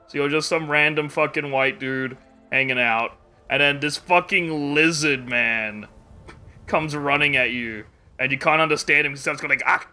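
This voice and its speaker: Bright-voiced man streaming casual chat. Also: a little high, clear, resonant tone. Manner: rambling, swears freely, laughs often.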